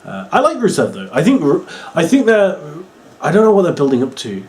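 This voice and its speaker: A man's voice: a little high, wildly swooping pitch, fairly quick, a little mellow. A young man giving a casual, exasperated review full of sarcasm and fillers like "uh" and "like". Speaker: wrestling reviewer.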